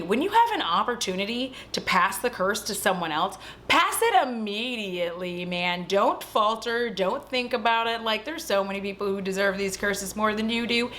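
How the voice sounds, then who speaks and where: A young woman casually recapping a horror film at home, animated and swearing freely as she acts out the characters' lines. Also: medium pitch, slight background noise. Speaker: vlog host.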